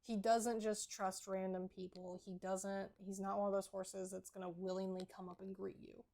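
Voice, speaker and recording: A woman's voice: mid-range voice, level tone, moderate pace, creaky, warm tone. A woman co-hosting a casual podcast chat about horses, earnest and explanatory as she gives advice. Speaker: podcast co-host.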